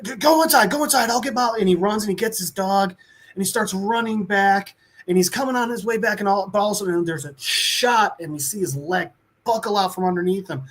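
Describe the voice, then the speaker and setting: Brief: male podcast co-host, high-pitched, chatty and profane, loose comic book recap. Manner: rambling, profane, filler-heavy, acts out quotes.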